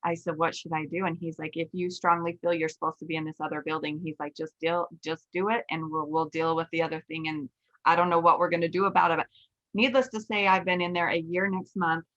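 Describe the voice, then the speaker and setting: This podcast host has a deep voice and a quick pace, and the highs in the audio are cut off. She's a woman in her forties who works as a nail instructor, telling a story in casual conversation. Her delivery is candid and animated, complete with quoted self-talk.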